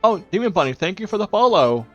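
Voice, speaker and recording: A young man with a high-pitched, sing-song voice talks quickly in a fairly bright tone. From his home stream he rambles casually at viewers, full of fillers and quoted self-talk. His dull lo-fi mic also picks up faint music.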